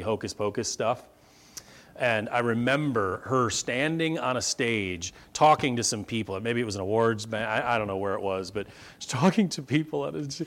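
A middle-aged man preaching a sermon, swinging from quiet asides to loud, emphatic points. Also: medium pitch. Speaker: pastor.

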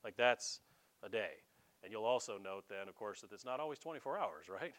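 Animated folksy pastor man. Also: fairly low pitch, a little fast. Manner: folksy, animated preaching with jokes and asides. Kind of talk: sermon.

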